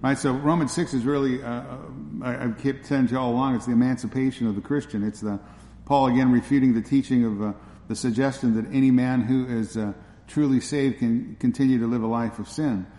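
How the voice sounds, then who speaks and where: Earnest preacher in a reverberant sanctuary. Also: male voice, medium pitch, fairly even intonation, a little fast, mellow. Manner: earnest, repeats himself with fillers. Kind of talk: sermon.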